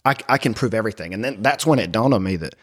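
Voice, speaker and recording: A middle-aged man sharing his personal faith story in conversation, speaking haltingly with many fillers and restarts. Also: on the low side, lively intonation, a bit bright, breathy edge. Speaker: guest.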